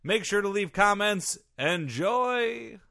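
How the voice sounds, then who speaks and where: A man reading a sponsor promo for a podcast in a deliberate way. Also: high voice, animated, vocal fry. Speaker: ad reader. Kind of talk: read promo.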